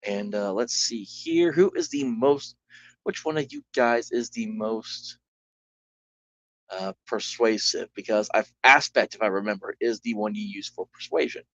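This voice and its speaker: A man runs a solo tabletop game, narrating casually in rambling speech packed with "like," restarts and self-corrections. His voice is lowish, unhurried and a bit bright. It's a dull lo-fi recording.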